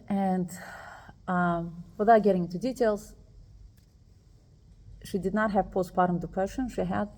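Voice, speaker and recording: A woman's voice: medium pitch, measured pace, pauses often. A woman telling a personal story to other women, retelling it with emotion and quoting the people involved. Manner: emotional, animated retelling with quoted dialogue. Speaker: speaker addressing women.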